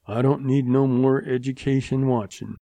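A man voicing a surly, tobacco-chewing male henchman who mutters gruffly in a western audiobook. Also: mid-range voice, fairly even intonation, normal speed, mellow, dry recording, natural voice. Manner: gruff, muttering, rough grammar.

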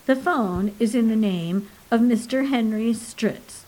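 A woman doing a stiffly polite male envoy in a storybook reading. He speaks formally and precisely, with unhurried pacing. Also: on the high side, a little mellow, poor audio.

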